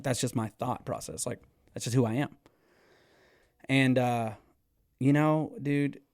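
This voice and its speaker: A man, telling stories as a podcast guest in an animated way, swearing freely and laughing often. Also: mid-range voice, no echo, studio quality. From Texas. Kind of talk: casual storytelling.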